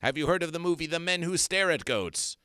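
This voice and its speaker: A man's voice: on the high side, expressive, fairly quick, bright, forceful tone, clean tone, dry recording, studio quality. A man hosting an absurdist comedy stream, making grandiose, repetitive, mock-solemn proclamations. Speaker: comedy performer. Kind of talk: absurdist livestream chat.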